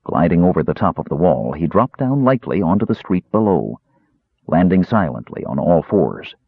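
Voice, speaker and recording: A man narrating an audiobook with expressive storytelling. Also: low-pitched, moderate pace, vocal fry, husky, no room sound. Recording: tinny lo-fi narrow band.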